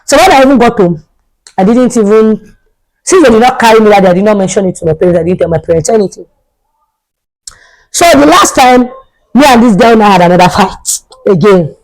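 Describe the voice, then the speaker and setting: A woman's voice: mid-range voice, fairly quick, pauses often, darkish tone, poor audio. A young adult woman, a vlogger telling a storytime tale in a chatty way and repeating herself for emphasis. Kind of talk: storytime vlog.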